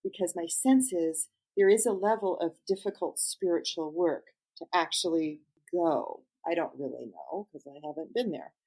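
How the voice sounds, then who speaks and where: A woman coach speaks as a guest in an interview, and her tone is mellow and warm. She answers gently and thoughtfully, in a measured way. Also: fairly low pitch, rough recording.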